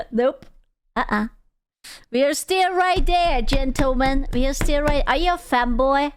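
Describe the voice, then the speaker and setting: A woman's voice: high-pitched, lively intonation, slow, noisy background. A young woman streamer reacting to a video in casual, crude, jokey commentary, often stumbling and restarting her sentences.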